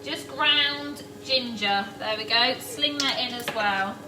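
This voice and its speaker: A chatty middle-aged woman with a high voice talks her viewers through a recipe, calling out hellos to people by name as she cooks. She sounds a little distant from the mic, in an echoey kitchen where pots and pans clatter clearly behind her. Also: slow pace, over music. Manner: chatty, greets viewers by name while cooking. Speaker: host of a live cooking stream. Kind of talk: casual live cooking demo. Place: home kitchen.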